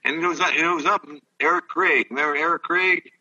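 A man's voice: fairly high pitch, a little fast, bright, forceful tone, far from the mic, lo-fi sound. An older man, a former ballplayer, telling rambling, profane stories in casual chat. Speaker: guest, former baseball player. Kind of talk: casual storytelling.

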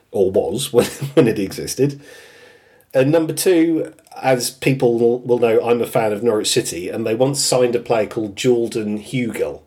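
A man's voice: mid-range voice, darkish tone. Chatty British man hosting a podcast. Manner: chatty, laughs often while listing quotes. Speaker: podcast host. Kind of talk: casual chat.

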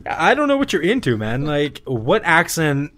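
A man's voice: on the high side, huge pitch swings, normal speed, fairly bright tone. A man in casual podcast chat, joking and slipping into silly voices.

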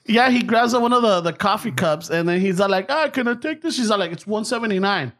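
A young man with a high, slightly fast and a bit bright voice tells a long story in casual conversation. He swears a lot, switches between English and Spanish mid-sentence, and acts out the people in the tale.

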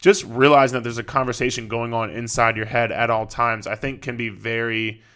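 Bright-voiced man, profane podcast talk. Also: mid-range voice, level tone, a little fast, clear, resonant tone. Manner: profane, rambling, with frequent fillers and restarts. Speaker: fitness coach and podcast host. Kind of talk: casual podcast monologue.

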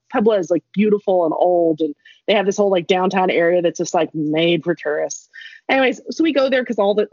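Chatty woman with a husky voice. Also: medium pitch, darkish tone, dry recording. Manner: chatty, laughing, rambling with many asides. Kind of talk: casual storytelling chat. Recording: dull lo-fi dry recording.

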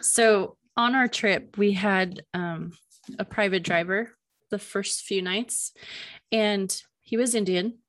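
Slow-talking woman producer chatting. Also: medium pitch, fairly bright tone. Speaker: podcast producer. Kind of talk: casual chat.

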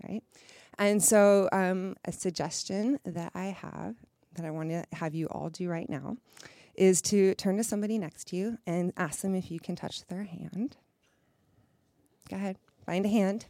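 A woman's voice: medium pitch, measured pace, mellow. A frank, candid woman leads a live workshop, her voice carrying a slight nervous tremble. She talks to the group in a loose, conversational way, checking in often and laughing easily. The sound is dry and close, with little room echo. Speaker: workshop leader.

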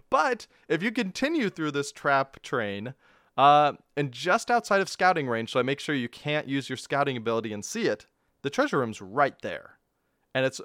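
A man's voice: medium pitch, a bit bright, dry recording, studio quality. A man hosting a casual game review podcast, rambling, self-mocking and laughing often. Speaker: podcast host.

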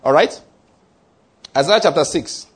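A man's voice: fairly high pitch, lively intonation, a little slow, husky. A middle-aged man preaching a sermon with emphasis, repeating his points and checking that listeners follow.

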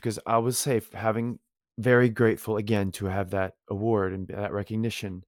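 A man's voice: on the low side, a little mellow, no echo, clean studio sound. A male actor as a guest in a casual interview, telling long, effusive, rambling stories.

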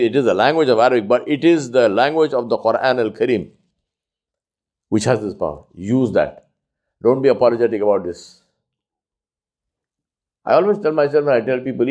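Man, Islamic lecturer, emphatic, repeats himself, mid-pitched voice, swings from loud highs to soft lows. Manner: emphatic and repetitive, swinging between loud high stresses and low quiet asides; slows to stress key phrases. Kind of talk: religious talk on outreach.

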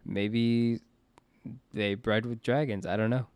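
A man's voice: lowish voice, steady tone, takes it slowly, a little mellow, smooth, no echo. A man hosting a casual podcast. He chats loosely and often restarts his sentences. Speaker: podcast host.

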